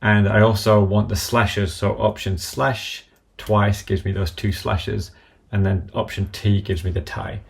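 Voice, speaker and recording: Low gravelly man talking through keystrokes. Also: flat delivery, a little slow. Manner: methodical, calling out keystrokes step by step. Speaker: software tutorial presenter. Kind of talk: screen-recorded software walkthrough.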